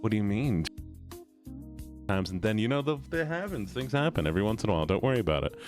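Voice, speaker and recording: A man's voice: lowish voice, very animated, quick pace. A man streaming, chatting casually and playfully greeting his chat by name. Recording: faint background music. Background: faint music.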